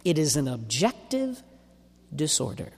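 A man preaching a sermon in an emphatic, deliberate way, stretching out key words. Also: a little high, very animated, vocal fry, husky. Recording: long hall reverb.

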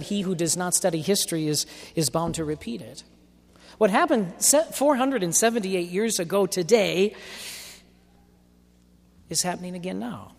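High-voiced man preaching in a reverberant hall. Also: darkish tone. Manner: emphatic, dramatic, stretches key words. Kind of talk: sermon.

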